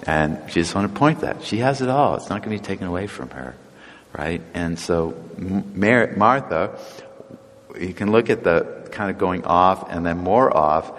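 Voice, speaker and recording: A man with a fairly low voice preaches in a relaxed, conversational way, chuckling often and slipping into the voices of the people in his stories. His voice rings with the long reverb of a church hall. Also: moderate pace. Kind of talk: conversational sermon.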